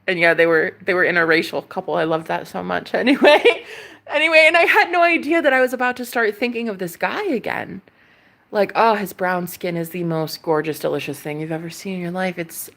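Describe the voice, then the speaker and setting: A woman vlogger telling a casual story, excitable and gushing, laughing often. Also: mid-range voice, a little fast, vocal fry. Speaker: tarot reader vlogger.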